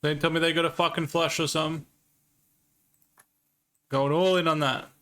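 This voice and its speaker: A man's voice: on the high side, level tone, normal speed, fairly bright tone. A man streaming a card game live, chatting casually with viewers and swearing now and then. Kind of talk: live-stream gaming commentary.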